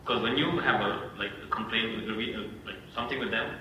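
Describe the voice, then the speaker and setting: A man, a physician, telling lively stories in a casual podcast discussion and acting out phone calls. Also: fairly low pitch, fast talker. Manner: animated storyteller, acts out phone calls. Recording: echoey room, distant mic, faint noise.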